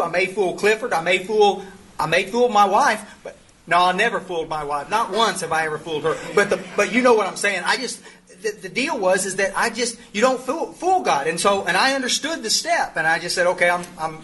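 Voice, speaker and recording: A man's voice: high-pitched, bright, forceful tone, a little hiss or hum. A middle-aged man, telling a rambling, humorous story to a recovery group, full of restarts. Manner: rambling, self-interrupting, humorous. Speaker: sponsor leading a twelve-step study. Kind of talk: folksy storytelling talk to a group.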